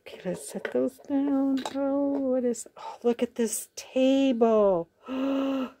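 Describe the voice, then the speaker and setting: A woman's voice: high-pitched, steady tone, takes it slowly, mellow, no room sound. A woman vlogger chatting casually to her viewers as she unboxes a parcel, gasping and gushing with delight and calling things cute. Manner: gushing, gasps often with delight. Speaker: crafting vlogger.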